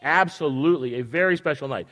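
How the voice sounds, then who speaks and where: A man's voice: fairly high pitch, fast, fairly bright tone. An older man leading a children's sermon, reading a picture book aloud and teasing the children playfully.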